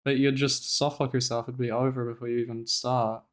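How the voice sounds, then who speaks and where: A man streaming live, giving loose, profane commentary as he reacts to gameplay. His voice is smooth and clear and sits at a middle pitch. He rants with animated exasperation. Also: fairly quick.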